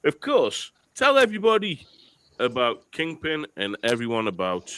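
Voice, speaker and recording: A man's voice: mid-range voice, wildly swooping pitch, moderate pace, fairly bright tone, no room sound. A man with an English accent hosts a podcast in a friendly way, calling his guest "my brother". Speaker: podcast host. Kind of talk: casual chat.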